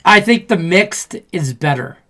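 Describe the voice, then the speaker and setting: A man co-hosting a casual sports betting podcast, rambling and profane as he tells animated stories. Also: sits high, unhurried. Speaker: podcast co-host.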